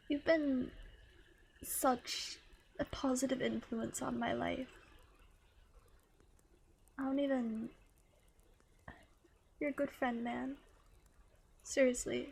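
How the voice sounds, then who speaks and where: A woman's voice: high voice, steady tone, takes it slowly, vocal fry, long pauses, darkish tone, a little hiss or hum. A young woman streamer thanking donors on a live stream, swearing often, stammering and sometimes dropping into a whisper.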